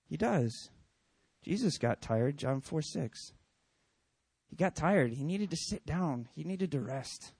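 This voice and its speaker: A man's voice: a little high, slow, slightly rough, dry recording. A man in his thirties giving a conversational sermon, acting out people's thoughts with lots of "like" and "man". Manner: conversational, animated, acts out quoted thoughts. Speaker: pastor. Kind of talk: casual sermon.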